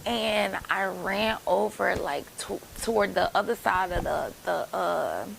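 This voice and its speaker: A woman in her late twenties tells a story from her own life to her viewers in a casual, rambling way. Her voice at a mid pitch carries a strong gravelly fry throughout. She talks close to the camera, a faint hiss underneath. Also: unhurried, rough recording. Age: late 20s. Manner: chatty, rambling, addresses viewers as y'all. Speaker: vlogger telling a personal story.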